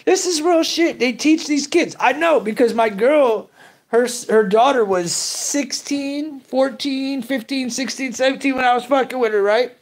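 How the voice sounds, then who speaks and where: A man's voice: very high-pitched, a little slow. A middle-aged man hosting a live news stream, ranting in profane slang and greeting chat viewers.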